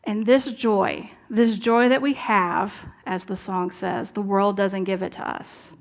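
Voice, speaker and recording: A woman's voice: mid-range voice, fairly even intonation, slow pace, vocal fry. Earnest woman preaching conversationally. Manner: conversational, earnest, drops to soft asides. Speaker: minister. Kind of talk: sermon. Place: church sanctuary.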